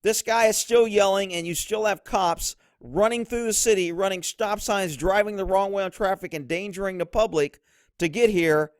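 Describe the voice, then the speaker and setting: A man's voice: normal speed, no echo, studio quality. A middle-aged man, a former police officer, giving blunt, instructive commentary over police footage. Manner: blunt, instructive, drops low to mimic others.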